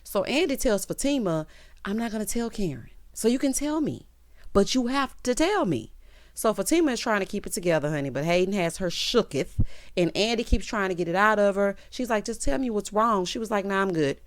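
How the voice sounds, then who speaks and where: A woman's voice: medium pitch, animated, fairly quick, no echo. A woman reviewing a TV episode in a casual vlog, sassy and playful, laughing often and acting out the characters' lines. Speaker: TV recap reviewer.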